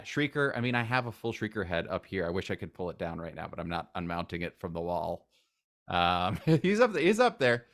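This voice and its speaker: A man who is a guest in a casual interview, talking enthusiastically and rambling, with sudden loud acted outbursts. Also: sits low.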